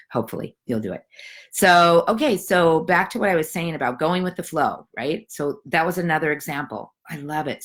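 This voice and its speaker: A woman with a very deep, low voice hosts an online challenge from her home. She is middle-aged and talks casually and encouragingly, rambling with lots of fillers. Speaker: challenge host. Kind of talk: casual live video talk.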